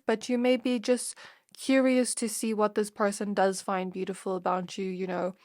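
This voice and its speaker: A woman reading tarot cards for viewers, talking in a soft, intimate and emotional way, close to tears. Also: medium pitch, no echo. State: teary, close to crying. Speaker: tarot reader. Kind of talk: pick-a-card tarot reading.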